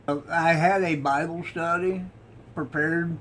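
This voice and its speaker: A man's voice: fairly high pitch, steady tone, slow pace, fairly bright tone, a little hiss or hum. A middle-aged man giving a folksy, rambling devotional talk, chuckling at himself. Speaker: online devotional host.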